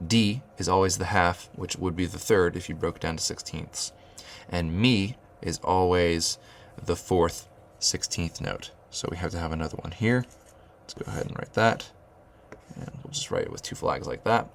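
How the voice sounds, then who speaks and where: A man's voice: sits low, animated, normal speed, creaky, a little hiss or hum. A man teaching rhythm at a whiteboard, thinking aloud with fillers and restarts and chanting rhythm syllables. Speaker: music teacher.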